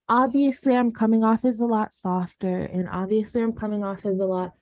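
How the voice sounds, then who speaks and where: A young woman hosting a podcast, speaking casually with a naturally monotone voice. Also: mid-range voice, brisk, no room sound. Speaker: podcast host. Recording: dull, dry sound.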